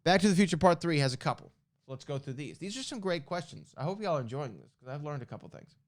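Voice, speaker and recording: A man's voice: on the high side, lively intonation, fast, no room sound, studio quality. A male podcast host reading trivia questions and answers aloud, breaking off for chatty asides and correcting himself as he goes.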